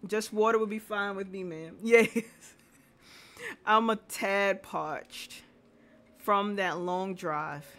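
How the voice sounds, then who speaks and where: A woman voicing a courteous, inquisitive male detective who asks measured questions slowly. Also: medium pitch, a bit bright. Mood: probing.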